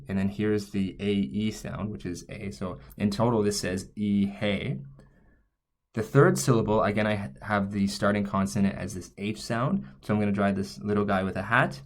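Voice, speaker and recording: A man teaching a lesson, explaining step by step as he writes, often stopping to correct himself. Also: lowish voice. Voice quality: thinking aloud, frequent self-corrections. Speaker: language teacher. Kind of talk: explaining while writing on screen.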